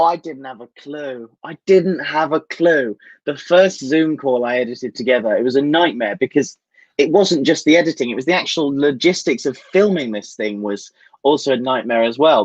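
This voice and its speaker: A young British man, a comedian and ventriloquist, chatting casually on a video call in a lively, self-deprecating way. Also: mid-range voice, no room sound. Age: young adult. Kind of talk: casual interview chat. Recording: dull video call audio.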